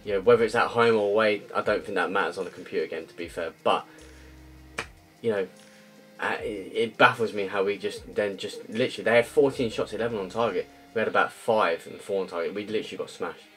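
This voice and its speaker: A man's voice: lowish voice, fast talker, a bit bright. A young man giving frustrated, ranting gameplay commentary that swears and repeats itself. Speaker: gaming video creator. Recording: faint music behind.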